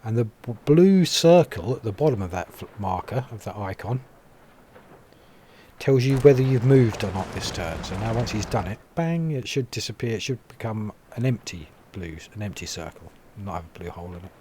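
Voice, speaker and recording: An English man talks through his gameplay in a relaxed, chatty way, full of dry jokes and small complaints. His voice sits fairly low, and it sounds like he is close to a desk mic. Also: normal speed, a little hiss or hum. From England. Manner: chatty, wry and grumbling. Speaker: gameplay commentator. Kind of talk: casual gameplay commentary.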